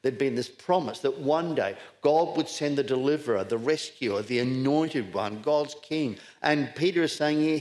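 A man's voice: medium pitch, normal speed, few pauses, darkish tone. A middle-aged man born in Scotland, preaching a sermon with rhetorical questions and repeated words for emphasis.

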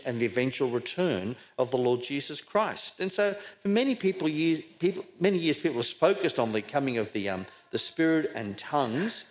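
A middle-aged man born in Scotland, preaching a sermon with rhetorical questions and repeated words for emphasis. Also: a little high.

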